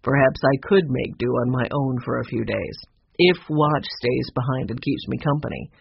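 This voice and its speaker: A storyteller voicing a kind, businesslike grandfather in a calm, measured way, in a dull lo-fi recording. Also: medium pitch, gravelly, slight background noise, close to an everyday voice. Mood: kindly.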